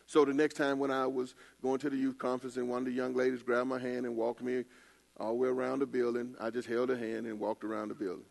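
A man's voice: medium pitch, flat delivery, fast, gravelly, a little mellow. An older man preaching a casual sermon, telling stories in a loose colloquial way with laughing asides. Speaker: pastor. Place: church.

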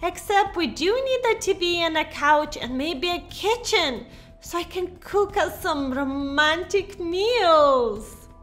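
A woman's voice: extremely high pitch, lively intonation, slow, a bit bright, soft background music, full character voice. A woman voicing a dramatic young mother in a Minecraft role-play, with fretful, breathless exclamations. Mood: lovestruck. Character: frantic, dramatic young mother under a spell.

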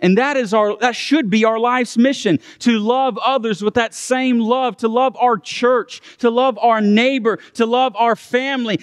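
A man's voice: high voice, dry recording, studio quality, in a large hall. A man preaching a sermon as a guest pastor from a church stage, in an earnest, heartfelt and conversational way.

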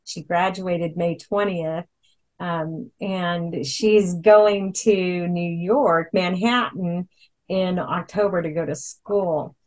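Chatty woman, low voice. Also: steady tone, slow, a little mellow, low-quality recording. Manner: chatty storyteller, many ums and restarts. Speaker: product presenter. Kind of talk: casual chat. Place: Hawaii.

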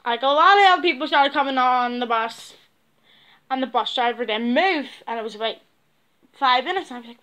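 A young woman tells a story to her vlog viewers in a high, bright voice. She talks bluntly and swears a lot. She often sinks into low, muttered asides. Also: animated, a little fast, clean tone. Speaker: vlogger. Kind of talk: casual storytelling.

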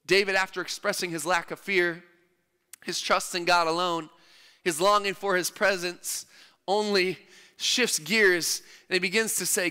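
A man's voice: sits high, lively intonation, moderate pace, pushed and bright, clean tone. A man preaching a sermon in a church, emphatic and repeating his phrases for stress. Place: church hall. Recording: long church-hall reverb.

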